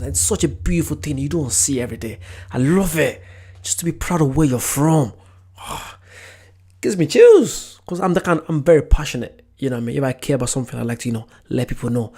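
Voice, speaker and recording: A man's voice: mid-range voice, darkish tone. A man hosting a reaction video, chatting casually and enthusiastically.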